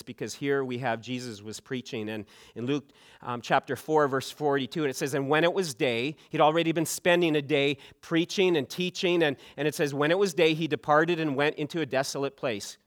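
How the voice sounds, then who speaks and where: A man's voice: mid-range voice, a little fast. A middle-aged man from Canada preaching a sermon, earnest, often repeating words as he starts a sentence. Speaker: pastor.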